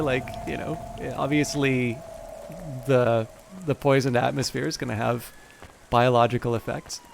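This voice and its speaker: A man's voice: mid-range voice, level tone, normal speed, vocal fry, a little hiss or hum. A man casually commenting while streaming a game, rambling and hesitant with many fillers. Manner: rambling, hesitant, self-deprecating. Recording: game music under voice.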